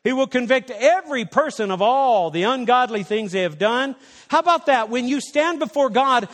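A man delivers an emphatic sermon in a strikingly high voice. He leans on rhetorical questions to the congregation as a pastor would. His words ring out with a long reverb, as in a large hall.

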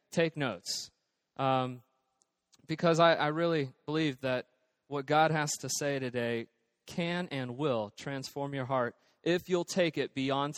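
Pastor, male, high voice, dry close sound, long hall tail, chatty sermon full of ums. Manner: conversational, with many fillers and restarts.

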